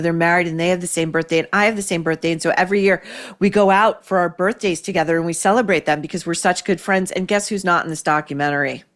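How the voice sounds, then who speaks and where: A woman's voice: on the low side, close to an everyday voice. A woman imitating a vain older female TV interviewer, talking in a boastful, affected upper-class drawl.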